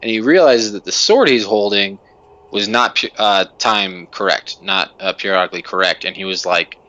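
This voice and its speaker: A man's voice: fairly low pitch, normal speed, sharp tone. A man co-hosting a podcast, ranting passionately in casual chat, rambling with frequent restarts and swearing. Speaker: podcast co-host. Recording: dull lo-fi podcast audio.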